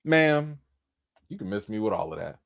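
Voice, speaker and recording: A man's voice: lowish voice, sing-song, moderate pace, creaky, smooth. A man hosting a livestream of entertainment news, with emphatic, scolding commentary. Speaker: livestream host.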